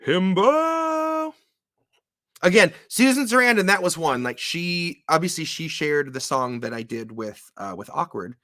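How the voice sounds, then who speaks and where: A man's voice: fairly high pitch, expressive, normal speed, hardly any pauses, bright, forceful tone, no echo, clean studio sound. A man co-hosting a casual chat, laid-back and self-mocking, with many fillers. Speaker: musician co-host.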